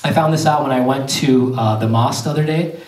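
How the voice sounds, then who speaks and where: A male stand-up comedian doing an animated storytelling set with crowd work on a theater stage. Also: mid-range voice, fast talker, recorded from a distance. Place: theater stage before a live audience. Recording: echoey theater heard from afar. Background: audience laughter.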